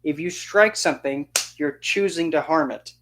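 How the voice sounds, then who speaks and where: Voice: medium pitch, normal speed, a bit bright. An occult channel host delivering an indignant, sarcastic opinion rant to camera, often mocking others by quoting them in put-on voices. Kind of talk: ranting opinion monologue.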